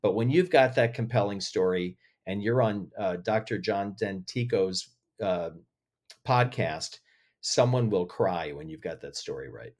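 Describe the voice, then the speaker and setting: Emotional, animated male storyteller. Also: fairly low pitch, a little slow. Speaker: podcast guest, agency head. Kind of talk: interview conversation.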